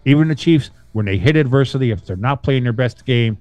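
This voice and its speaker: A man hosting a casual sports podcast, talking loosely and profanely with bursts of animated emphasis. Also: medium pitch, a little fast, no echo. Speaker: podcast host.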